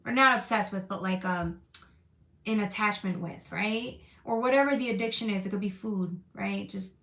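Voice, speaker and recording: A woman giving a live tarot reading in a casual, comforting way, reading out viewer comments between cards. Her voice sits in a middle pitch. The room has a noticeable echo. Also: normal speed, vocal fry, fairly bright tone. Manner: casual, reassuring, reads chat comments aloud. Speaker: tarot reader.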